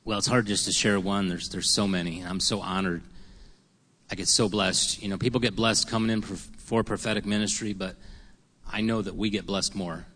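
Animated man telling a church story, echoing hall. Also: fairly low pitch, moderate pace. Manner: lively, laughs, acts out quotes. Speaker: panelist, prophetic minister.

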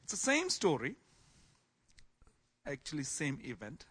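A man teaching a Bible class in sermon style, swinging from soft asides to loud exclamations. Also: fairly high pitch, wildly swooping pitch, a little slow, breathy edge.

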